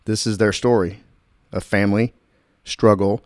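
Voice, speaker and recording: A male podcast host with a lowish voice, chatting loosely with guests and laughing easily. He restarts his sentences often. The sound is dry and close. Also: level tone, normal speed, no echo. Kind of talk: casual podcast chat.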